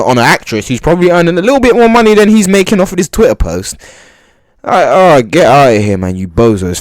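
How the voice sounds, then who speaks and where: A man's voice: mid-range voice, no echo, studio quality. A young man hosting a podcast, reacting to clips with mocking exclamations and muttered asides. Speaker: podcast host. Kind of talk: reaction commentary.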